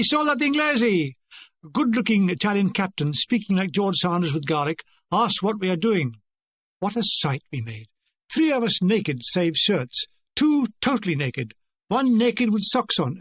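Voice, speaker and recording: A man's voice: high-pitched, no room sound. An older man reading his own war memoir aloud, with a dry, wry comic delivery. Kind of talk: audiobook narration.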